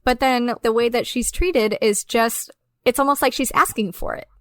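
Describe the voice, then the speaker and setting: A fairly high-voiced woman in casual film talk, animated and laughing often, and she swears freely. The sound is close and dry, with no room around it. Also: normal speed, dry recording. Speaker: podcast co-host.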